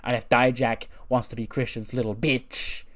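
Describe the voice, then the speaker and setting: A man's voice: mid-range voice, level tone, close to an everyday voice. A man doing a stern veteran wrestler. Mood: lecturing. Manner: measured, lecturing, threatening. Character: veteran male masked wrestler, proud and stern.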